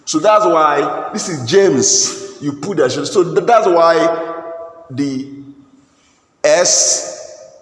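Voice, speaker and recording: This grammar teacher speaks Nigerian English in a voice on the high side, fairly bright, delivered slowly with frequent pauses. Again and again he asks his English class "what?" only to supply the answer himself, full of repeats and restarts, while the classroom echoes with faint noise.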